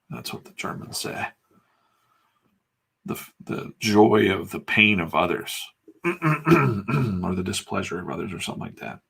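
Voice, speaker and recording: Drawing as he talks, this middle-aged American channel host and comics artist rambles along casually, frank and a bit profane. He has a low, expressive, unhurried voice that is creaky, a bit bright and slightly rough, and he pauses often.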